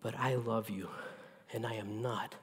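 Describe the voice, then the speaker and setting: A male pastor preaching a sermon with emphatic delivery that drops to a hushed near-whisper in tender moments. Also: on the low side, fairly even intonation, unhurried, husky, in a large hall. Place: church sanctuary.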